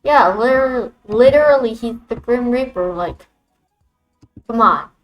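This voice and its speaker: A woman's voice: a little high, lively intonation, measured pace, muffled recording, soft background music. A woman streaming a visual novel, reading its lines aloud and reacting to them in a playful, teasing way.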